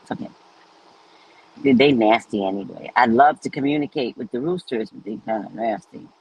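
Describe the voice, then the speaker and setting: Chatty husky woman live-streaming. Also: a bass voice, fairly quick, darkish tone, low-quality recording. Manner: chatty, laughing storyteller. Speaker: host of live readings. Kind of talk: casual live-stream chat.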